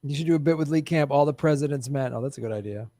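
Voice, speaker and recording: A comedian host answering live chat in a casual, sarcastic, joking way, swearing and laughing often into a studio microphone. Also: male voice, medium pitch, racing, warm tone, no echo.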